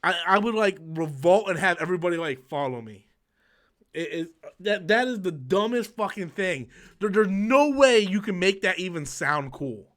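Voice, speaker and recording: A man's voice: high voice, animated, moderate pace, a bit bright. A young man hosting a casual live-stream chat, ranting with heavy profanity and mocking impressions. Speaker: channel host.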